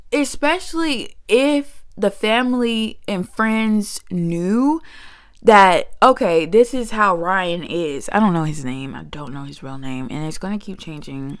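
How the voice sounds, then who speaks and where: A woman's voice: medium pitch, no room sound, studio quality. A young woman giving sassy, opinionated commentary in a vlog. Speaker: commentary creator.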